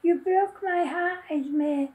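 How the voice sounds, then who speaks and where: A sulky little monster boy, heartbroken and grumpy, voiced by a woman reading her own story aloud. He speaks slowly in a very high, mellow voice. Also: rough recording. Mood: sad.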